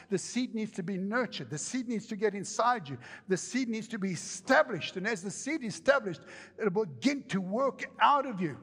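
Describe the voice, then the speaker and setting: A male pastor giving an animated, joking sermon with repeated phrases to a congregation. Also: high voice, breathy edge, in a large hall. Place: church hall with congregation.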